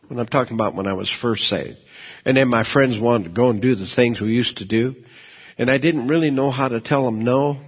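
Husky-voiced man preaching a folksy sermon. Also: mid-range voice, muffled recording. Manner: folksy, conversational, repeats words and restarts often. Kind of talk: sermon with personal storytelling.

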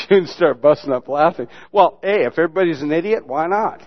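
A man's voice: on the high side, lively intonation, fairly quick. Mocking, folksy preacher man, lo-fi. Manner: folksy, mocking humor with sudden loud imitations. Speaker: pastor. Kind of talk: sermon. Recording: dull lo-fi sermon recording.

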